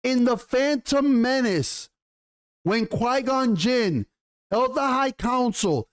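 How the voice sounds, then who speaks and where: A high-voiced man reviews a TV show on YouTube in a profane rant, animated yet taking it slowly. He sounds exasperated, swears a lot, and stumbles and restarts as he goes.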